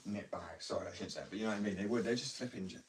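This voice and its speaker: A man's voice: on the low side, rapid-fire, recorded from a distance, a little hiss or hum, low-quality recording. A man in casual, rambling live chat, joking and slangy as he talks about addiction. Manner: chatty, joking, slangy, self-interrupting. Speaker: livestreamer talking about addiction.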